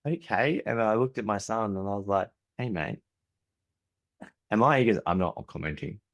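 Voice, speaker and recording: A man's voice: lowish voice, normal speed, a bit bright, highs cut off. A man in his forties with an Australian accent, a podcast guest telling candid stories, often restarting sentences and acting out family dialogue. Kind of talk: candid conversational storytelling.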